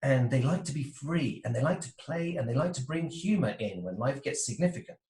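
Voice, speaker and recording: His medium-pitched, mellow voice has lively intonation and a brisk pace, captured from afar with roomy echo. This man, a relationship coach being interviewed over video call, explains animatedly and mimics the types he describes in little voices.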